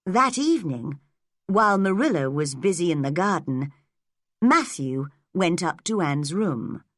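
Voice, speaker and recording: A woman narrating an audiobook with gentle, measured storytelling. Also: lowish voice, very animated, no echo, studio quality.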